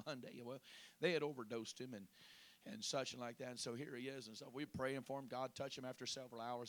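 A pastor preaching a testimony, moving from chatty storytelling to loud, fervent prayer. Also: male voice, mid-range voice. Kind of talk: sermon testimony.

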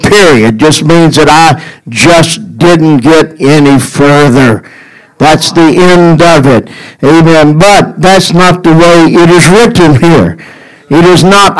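A man delivering a sermon in an unhurried, folksy manner. His lines build to a rising, emphatic cadence. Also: fairly high pitch, low-quality recording. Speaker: preacher.

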